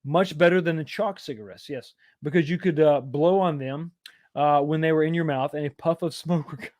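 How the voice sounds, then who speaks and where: A man's voice: a little high, a little fast, a little mellow, dry recording, studio quality. A middle-aged man from East Texas, rambling casually as he reads viewer comments on a live stream, with self-deprecating asides. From East Texas, USA. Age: 40s or 50s.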